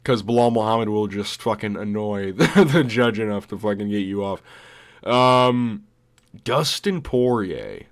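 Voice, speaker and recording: A man's voice: on the low side, measured pace. A young man giving casual, rambling commentary, full of swearing and laughter. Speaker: vlogger.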